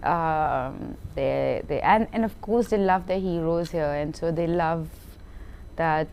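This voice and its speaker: A woman actress, telling stories in an animated, laughing interview chat and often repeating words. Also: low voice, takes it slowly, creaky, a little hiss or hum. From India. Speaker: film actress.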